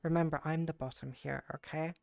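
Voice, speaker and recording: Soft-spoken posh British woman streamer, gravelly edge, dry close sound. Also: low voice, fairly even intonation, a little fast, dry recording. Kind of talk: casual stream chat.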